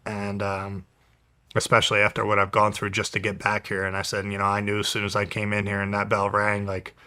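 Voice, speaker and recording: A young man from New Jersey tells his story as an interview guest. His voice sits low and pushes hard and tense. He talks bluntly and swears all the time. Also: monotone, brisk, bright, forceful tone. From New Jersey, USA. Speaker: guest, professional fighter. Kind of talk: casual storytelling.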